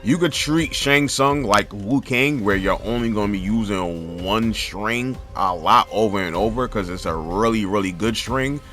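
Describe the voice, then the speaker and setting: A man's voice: on the low side, moderate pace, hardly any pauses, fairly bright tone, soft background music. A man hosting his own fighting-game guide channel, talking in a loose, chatty way that often stumbles and repeats words. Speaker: gaming channel host. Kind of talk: casual game guide commentary.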